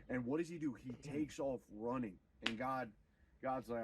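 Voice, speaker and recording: A man streaming, retelling a story in an animated, profane, preachy way. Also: medium pitch, a little fast, far from the mic, slight background noise, low-quality recording. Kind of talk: casual storytelling on a livestream.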